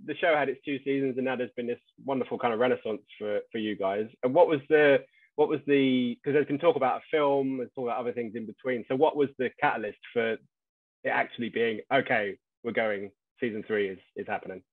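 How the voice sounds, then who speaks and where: A man's voice: mid-range voice, a little fast, no room sound. A British man interviewing two guests in a chatty, joking way, often restarting his sentences. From Britain. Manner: chatty, laughing easily, stumbling restarts. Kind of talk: casual press interview. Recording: tinny phone-like line.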